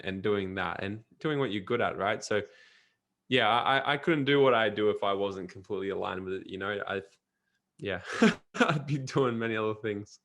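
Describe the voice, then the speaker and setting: Energetic man, lowish voice. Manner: energetic, emphatic, lots of restarts. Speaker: podcast coach and guest. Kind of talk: casual interview talk.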